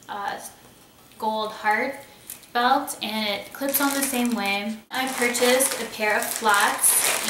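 A young woman chatting casually and enthusiastically as she shows off clothes and accessories, thinking aloud as she goes. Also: on the high side. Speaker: beauty vlogger. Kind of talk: casual haul video. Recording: roomy echo, somewhat far from mic, faint hiss.

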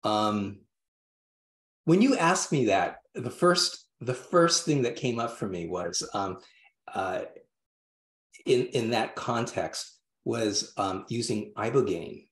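A man, a guest in an interview, telling a story in a halting way with many restarts and fillers. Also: lowish voice, animated, reverberant. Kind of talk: interview conversation.

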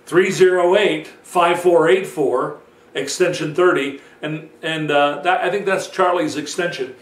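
A man's voice: a little high, unhurried. A man casually telling his own story in a rambling, chatty way, with lots of fillers. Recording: roomy sound from a distant mic.

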